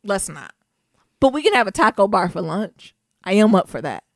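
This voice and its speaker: A young adult woman co-hosting a podcast in casual chat, animated and slangy, often laughing. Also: medium pitch, moderate pace, vocal fry, no echo, studio quality. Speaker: podcast co-host.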